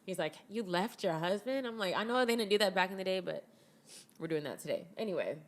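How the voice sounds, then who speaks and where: A young woman co-hosting a podcast with her husband, telling animated stories in casual chat and laughing often. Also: medium pitch, quick pace. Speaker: podcast co-host.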